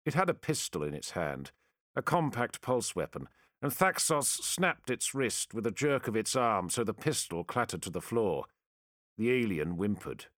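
A man reading a sci-fi war story aloud as audiobook narrator, measured and dramatic. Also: fairly low pitch, big pitch swings, fairly bright tone, dry recording, clean studio sound.

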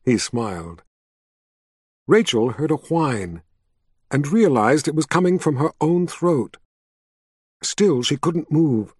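A man narrating a story as an audiobook, with an expressive reading style. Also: fairly high pitch, slow, long pauses, husky, no echo, clean studio sound. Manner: expressive, reads all the character voices himself.

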